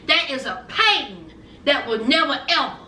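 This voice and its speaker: A woman hosting a casual reality TV recap, telling the story in a sassy, animated way and talking straight to her viewers. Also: sits high, measured pace. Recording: roomy, distant mic with faint background noise.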